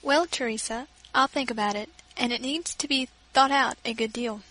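A woman voicing a grave, weary widowed father who speaks slowly and solemnly. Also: fairly high pitch, sharp tone, low-quality recording.

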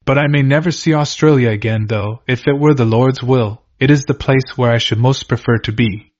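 A man reading aloud from an old diary in a steady, measured, earnest way. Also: medium pitch. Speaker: reader. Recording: dull lo-fi recording.

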